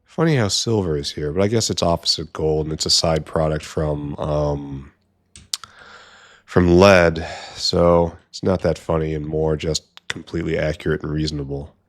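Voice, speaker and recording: A man's voice: a bass voice, fairly even intonation, moderate pace. A man giving casual gameplay commentary, muttering to himself with wry asides as he works. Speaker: gameplay streamer.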